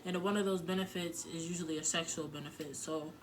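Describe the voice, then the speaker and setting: A woman's voice: low voice, fairly even intonation, quick pace, slight background noise. A woman giving frank relationship advice in a casual vlog, talking candidly with plenty of filler words and some swearing. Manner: emotional, close to tears at times.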